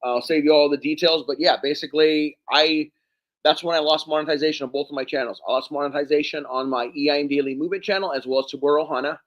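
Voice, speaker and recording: A man hosting a live stream, hoarse from hours of talking, thanking viewers one by one by name. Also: on the high side, steady tone, fast, dull audio. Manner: thanks viewers by name, rambling and warm-hearted. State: hoarse, losing his voice. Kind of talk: casual live stream chat.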